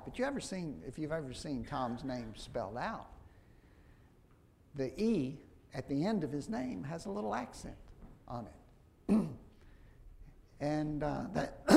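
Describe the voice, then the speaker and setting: A man preaching a sermon, slow and halting, with frequent restarts and fillers. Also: on the high side, sing-song, creaky, a little mellow.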